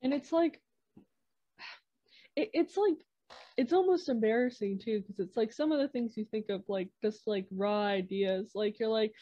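A woman's voice: mid-range voice, unhurried, pauses often, dry recording. Chatty young woman, lots of fillers. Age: young adult. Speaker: podcast guest. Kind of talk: casual chat. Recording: dry, slightly dull podcast audio.

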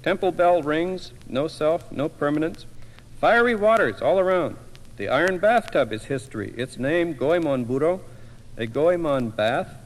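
A man, a poet, reading his own poem aloud in a wry, expressive way with sudden loud outbursts. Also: a little high, unhurried, long reverb tail, poor audio. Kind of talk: poetry reading.

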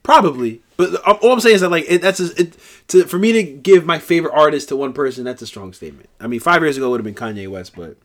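A man co-hosting a podcast in casual chat, talking quickly and defensively with stammering restarts. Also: fairly high pitch, expressive. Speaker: podcast co-host.

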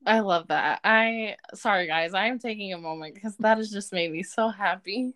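A woman's voice: medium pitch, normal speed, a bit bright. A woman in her twenties co-hosting a podcast, chatting casually and filling her speech with "like". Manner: chatty, uses lots of fillers. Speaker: podcast co-host. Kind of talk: casual chat.

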